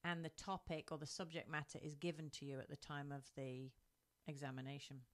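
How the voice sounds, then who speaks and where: A woman co-hosting a podcast in casual chat, brisk and teasing. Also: low-pitched, level tone. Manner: teasing, laughs often, brisk and matter-of-fact. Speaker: co-host.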